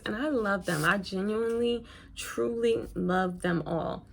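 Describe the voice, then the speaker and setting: A woman's voice: mid-range voice, moderate pace, a little hiss or hum. A woman who works as a nurse, chatting casually and rambling through a story while she does her makeup. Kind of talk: casual get-ready-with-me chat.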